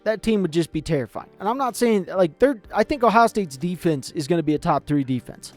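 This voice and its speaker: A man giving animated, rambling opinions in casual chat, swearing freely as he talks. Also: high voice, a little fast, hardly any pauses, no room sound, soft background music. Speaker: sports commentator.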